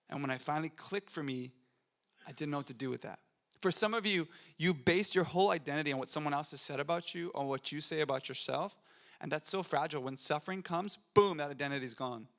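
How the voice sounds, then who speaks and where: A man's voice: fairly high pitch, brisk, gravelly, a bit bright. A young adult man preaching a sermon in a church, conversational and earnest, rising to fervent emphasis. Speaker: pastor. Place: church sanctuary.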